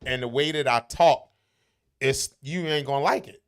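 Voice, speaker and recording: A man's voice: medium pitch, normal speed, clean tone. A man talking casually, blunt and profane, with emphatic, brash delivery. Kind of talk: casual chat.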